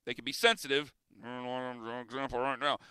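Man, sports radio host, emphatic and argumentative, smooth crisp voice, bright tone. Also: medium pitch, steady tone, moderate pace, no echo. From Cleveland area. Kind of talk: sports talk radio opinion.

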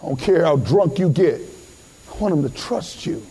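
A man preaching a sermon as pastor, impassioned, rising to shouts and calling out to the congregation. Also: on the high side, animated, normal speed, creaky, husky.

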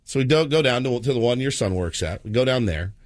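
A man's voice: mid-range voice, fast talker. A man in his thirties, co-hosting a radio morning show, telling a story with lots of acted-out voices. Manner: animated, acts out voices in his stories.

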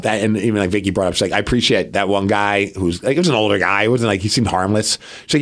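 On the low side and racing along with few pauses, a male podcast co-host tells a long story in a relaxed chat. He brings energy to it, performing what other people said.

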